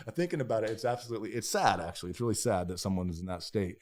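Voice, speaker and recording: A man with a fairly low-pitched voice, a guest on an interview podcast, recounting his own story. He talks in a raw, emotional way, swears freely and restarts his sentences often. He also voices his past thoughts as quoted self-talk. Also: racing, few pauses. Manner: raw, profane and emotional, with many restarts and repeated phrases.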